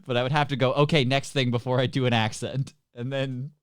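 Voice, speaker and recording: A man's voice: mid-range voice, steady tone, fairly quick, smooth, no room sound, clean studio sound. A man co-hosting a comedy podcast, joking, teasing and laughing a lot. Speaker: podcast co-host. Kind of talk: casual comedy chat.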